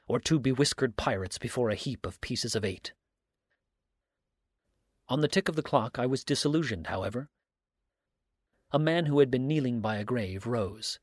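A man narrating a first-person story aloud in a steady, earnest reading style. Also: medium pitch, husky, no echo, clean studio sound. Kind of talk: audiobook reading.

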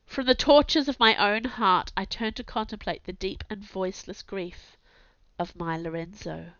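A woman narrating a dramatic audiobook reading in an anguished, intense, theatrical way, dropping to hushed tones at times. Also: medium pitch, normal speed, dry recording. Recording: slightly dull, dry recording.

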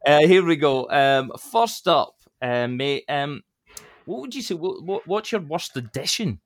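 A man's voice: a little high, expressive, unhurried, no room sound, clean studio sound. A man hosting a podcast, chatty and cheeky, teasing his guest with crude slang and banter. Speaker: podcast host. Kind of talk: casual interview chat.

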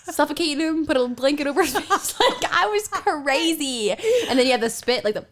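A woman's voice: sits high, normal speed. A young woman telling family stories in a casual chat, laughing often and acting out the quotes. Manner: animated, laughing, acts out quotes. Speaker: storyteller.

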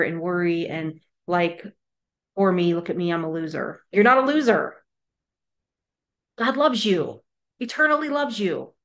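A woman's voice: medium pitch, fairly bright tone. A woman giving an earnest, emphatic Bible teaching, acting out quoted voices as she goes. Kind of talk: sermon-style teaching video.

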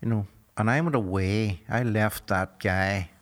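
A man in his sixties with a Northern Irish accent speaks in a low voice. He tells his story to an interviewer in a measured, earnest way and fills his pauses with "you know". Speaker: guest.

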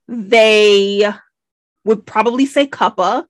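An American woman co-hosting a casual book-club podcast, animated and nitpicky with lots of rambling asides. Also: medium pitch, measured pace, no room sound. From United States. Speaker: podcast co-host.

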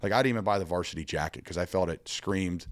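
A young adult man, a pro football player, telling stories as a guest in an energetic, rambling way and acting out the voices he quotes. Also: low voice, fast, no room sound. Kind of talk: animated storytelling conversation.

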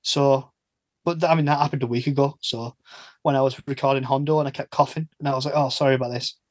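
A man's voice: mid-range voice, steady tone, fast talker, no room sound. A man chatting casually as a podcast host, laughing often and restarting his sentences. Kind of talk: casual chat.

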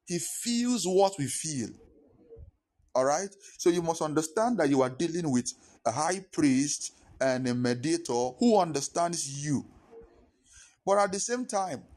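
A man's voice: fairly high pitch, a little mellow. A male pastor preaching a sermon, emphatic and repeating his points. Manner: emphatic, repetitive teaching.

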